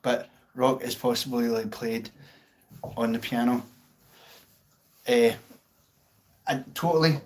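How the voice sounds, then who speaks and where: A Scottish-accented man hosts a casual livestream, reading viewer comments aloud, poking fun at himself, and swearing freely. His voice is medium-pitched and slow, with long pauses.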